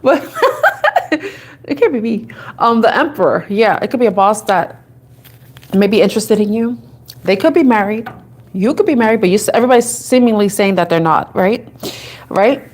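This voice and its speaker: A woman's voice: medium pitch, fairly quick, darkish tone. A woman giving a casual tarot reading, talking and thinking aloud in a chatty, giggly way. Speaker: tarot reader.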